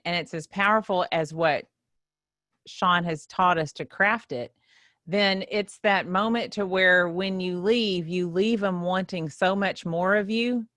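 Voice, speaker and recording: A woman's voice: on the low side, fairly bright tone, no echo. Woman chatting away in a dead-dry studio, lots of y'all, a bit self-conscious. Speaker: guest in the host chair. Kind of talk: casual chat. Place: podcast studio.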